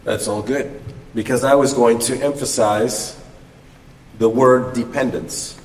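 A man giving a thoughtful, measured comment during a Bible study. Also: medium pitch, fairly even intonation. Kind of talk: reflective teaching comment. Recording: distant mic in echoey hall.

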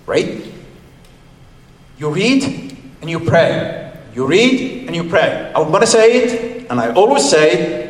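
Animated man leading Bible study. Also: high-pitched. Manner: animated, quizzes the room, repeats key phrases. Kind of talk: interactive Bible teaching. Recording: echoey hall.

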